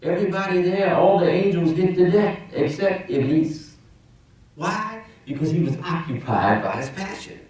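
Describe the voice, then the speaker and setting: A man's voice: high voice, expressive, moderate pace. Imam, man, conversational sermon with rhetorical questions; distant, heavily reverberant hall. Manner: conversational preaching, rhetorical questions, swings loud and soft. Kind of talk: Friday sermon. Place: mosque prayer hall. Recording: very echoey mosque hall, speaker off-mic.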